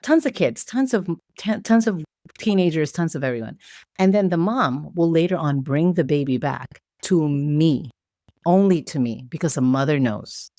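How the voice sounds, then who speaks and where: A woman from the Philippines, a podcast guest, telling stories in a lively, casual way. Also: low-pitched, moderate pace, no room sound, studio quality. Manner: lively storyteller who acts out quoted voices. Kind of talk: casual storytelling chat.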